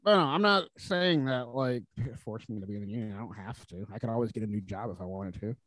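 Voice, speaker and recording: A man's voice: on the low side, fast talker, fairly bright tone, no echo. A man talking on a podcast, speaking bluntly with plenty of profanity in a laid-back way. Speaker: podcast guest. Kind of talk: casual podcast banter.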